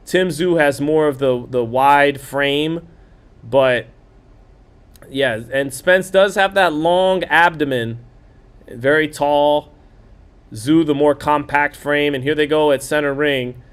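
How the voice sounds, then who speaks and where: Running a live stream where viewers watch a boxing match together, this man chats loosely, voices viewer comments, and narrates each punch rapidly. His voice is a little high and clean in tone.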